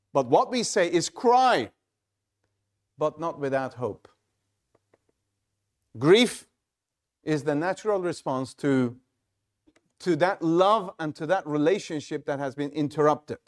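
Slow-speaking high-voiced male pastor. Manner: measured, halting delivery with frequent restarts. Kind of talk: sermon.

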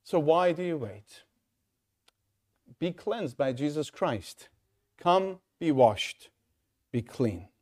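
Male preacher, slightly higher voice, urgent pleading sermon full of rhetorical questions. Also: sing-song, takes it slowly, long pauses, darkish tone. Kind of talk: evangelistic sermon.

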